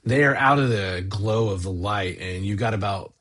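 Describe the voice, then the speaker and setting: A man's voice: lowish voice, moderate pace, fairly bright tone. A man narrating as game master of a tabletop game, laying out scenes in a loose, rambling flow.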